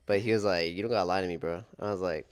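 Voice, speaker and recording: A man's voice: low-pitched, rapid-fire, clear, resonant tone. A young man casually telling a story on a couple's vlog, laid-back and slangy, swearing and saying "dude" and "bro". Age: young adult.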